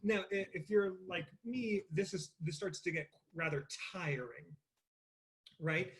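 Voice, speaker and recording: A man's voice: high voice, unhurried, fairly bright tone. A man leading an interactive online voice lesson, talking casually with many fillers and demonstrating vocal sounds over a computer mic. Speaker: voice teacher.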